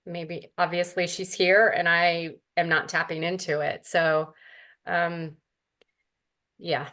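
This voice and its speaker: Low-voiced woman, emotional and hesitant. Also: little pitch movement, slow pace, fairly bright tone. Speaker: client. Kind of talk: casual conversation.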